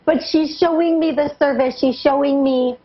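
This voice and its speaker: A woman working as a psychic medium on a live radio show, relaying messages in a halting way with many restarts. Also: high voice, fairly even intonation, dull audio.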